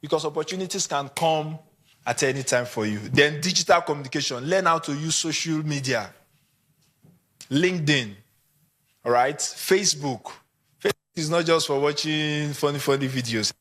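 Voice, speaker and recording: A Nigerian man gives a conference talk to photographers. His voice sits high and comes across bright and forceful. He talks in an animated way and acts out small examples along the way. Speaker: conference speaker.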